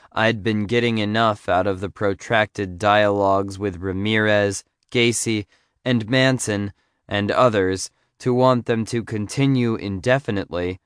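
A man narrating a memoir audiobook in a measured, earnest way on a close studio mic. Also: fairly low pitch, a bit bright, clear, resonant tone, no room sound.

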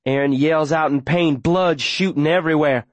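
A man's voice: fairly high pitch, normal speed, no room sound. A man narrating an audiobook in the first person, with urgent, breathless, run-on telling.

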